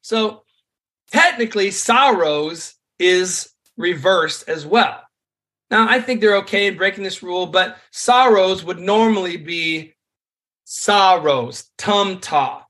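A man, a songwriter and worship leader, explaining songwriting craft in an energetic, conversational way. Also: high-pitched, a little slow. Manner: energetic, conversational teaching with frequent fillers.

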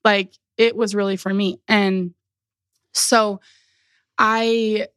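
A woman's voice: mid-range voice, flat delivery, slow pace, a bit bright, clear, resonant tone, dry recording, studio quality. A young woman, a podcast guest, telling a personal story in a casual, chatty way with lots of fillers and frequent laughs.

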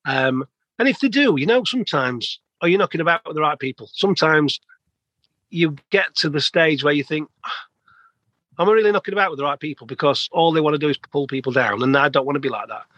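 A man's voice: fairly high pitch, animated, a little fast, a bit bright, no room sound, low-quality recording. A man, a plumber telling rambling stories with laughs as an interview guest. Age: 50s. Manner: chatty, rambling anecdotes with laughs. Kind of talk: casual storytelling.

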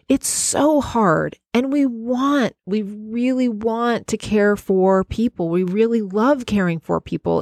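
A woman's voice: medium pitch, a little mellow, dry recording. Emphatic woman podcaster in a dry booth. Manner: emphatic, heartfelt, conversational. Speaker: podcast host and healthcare worker. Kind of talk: solo podcast monologue.

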